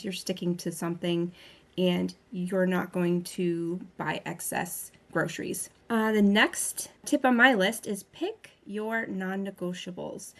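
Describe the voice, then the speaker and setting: A woman hosting a wellness podcast, chatting casually and addressing her listeners directly. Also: fairly low pitch. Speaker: wellness podcast host and health coach.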